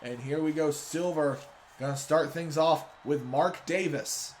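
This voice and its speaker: A man giving play-by-play wrestling commentary for a video game series, with excitable announcer hype. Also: a little high, a little slow, slight background noise.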